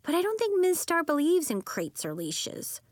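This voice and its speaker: A woman voicing an eager young shapeshifting girl in a storybook, with a bright, insistent, excitable delivery. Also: very high voice, normal speed, no room sound, voice pushed up, full character voice. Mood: earnest. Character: eager young girl who shifts into animals.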